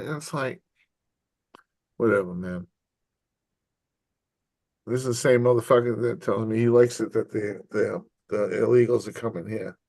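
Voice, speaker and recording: A middle-aged man tells stories in a loose, profane chat. He acts out the other people in them with lively voices. His voice is dry and close to the mic, with no room sound. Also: medium pitch, normal speed, pauses often, no echo. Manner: profane, animated storyteller acting out quotes. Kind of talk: casual chat.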